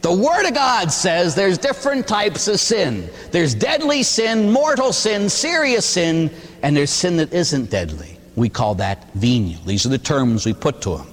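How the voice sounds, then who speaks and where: A man serving as a Catholic priest delivers a homily in an easy, chatty manner, firing off rhetorical questions with a wry edge. His voice sits a little high and moves with a lively, wide-ranging lilt. The sound carries a long church reverb. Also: unhurried. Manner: animated, conversational preaching with rhetorical questions and humor. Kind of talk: sermon.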